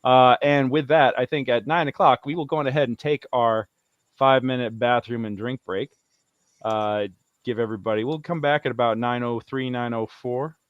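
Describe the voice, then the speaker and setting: A man's voice: medium pitch, fairly even intonation, normal speed, no echo, dull audio. A man running a tabletop game in a casual, easygoing way with plenty of filler words. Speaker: game master.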